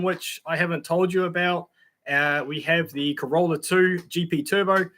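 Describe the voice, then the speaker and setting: Bright-voiced Australian man chatting live. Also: a little high. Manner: chatty, friendly, many fillers, greets viewers by name. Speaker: YouTube channel host reading live chat. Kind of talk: casual live-stream chat.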